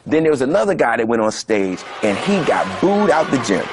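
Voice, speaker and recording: Lively man recalling a story. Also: medium pitch, fairly quick, over music. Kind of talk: documentary interview.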